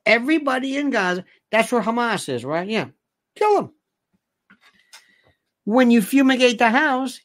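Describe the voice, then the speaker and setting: A man hosting an opinionated commentary monologue, firing off incredulous rhetorical questions. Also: sits high.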